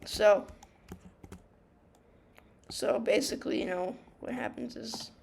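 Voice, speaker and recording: A woman's voice: mid-range voice, slow pace, gravelly, darkish tone, a little hiss or hum. A young woman giving casual gaming commentary, rambling and ranting through a story retelling with many fillers, restarts and swearing. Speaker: gamer.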